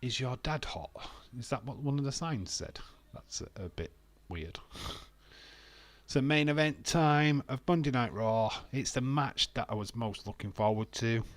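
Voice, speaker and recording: British male streamer, chatty and jokey, mid pitch, dead-dry mic sound. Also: expressive, a little slow, dry recording. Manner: chatty, laughs often, sings and jokes to himself. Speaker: wrestling watch-along streamer. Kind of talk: casual live commentary, chatting with viewers.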